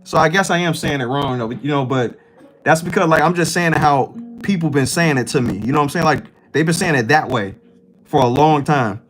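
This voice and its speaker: A man's voice: on the high side, fairly quick, fairly bright tone, faint music behind, rough recording. A man hosting a livestream, chatting loosely and profanely while reacting to his chat. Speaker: livestream host. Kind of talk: casual chat with stream chat.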